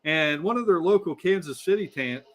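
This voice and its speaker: A man's voice: on the high side, expressive, normal speed. A man co-hosting a casual race-watching livestream, talking bluntly and swearing freely as he rants. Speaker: livestream co-host.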